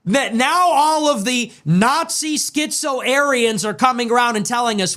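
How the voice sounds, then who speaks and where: A man's voice: extremely high pitch, unhurried, few pauses, sharp tone. A man giving ranting political commentary in a sarcastic, mocking, emphatic way. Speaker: political streamer.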